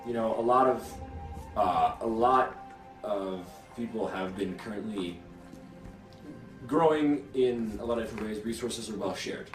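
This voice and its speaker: Hesitant game master, off-mic. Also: male voice, lowish voice, unhurried, distant mic. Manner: hesitant, many ums, laughs often. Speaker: game master and podcast host. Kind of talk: narrating a tabletop game. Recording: echoey room, voice from off-mic, faint music.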